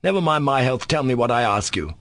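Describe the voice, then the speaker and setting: A man's voice: mid-range voice, expressive, fairly quick, fairly bright tone, dry recording, pitched above the performer's own voice. A man reading an audiobook, voicing an irritated young nobleman who speaks coarsely and demands answers.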